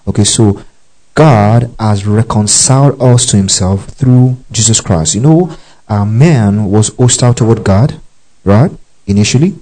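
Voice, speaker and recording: A man's voice: fairly low pitch, dark tone, poor audio. A man preaching a Bible teaching sermon, repeating key phrases and often checking that listeners follow him. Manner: tells listeners to underline verses.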